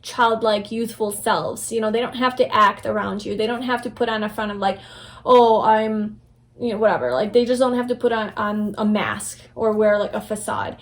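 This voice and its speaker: A young woman with a medium-pitched, steady voice speaks at a moderate pace. She's giving a casual pick-a-card tarot reading, rambling and affirming with lots of fillers and restarts, her delivery soft and gentle.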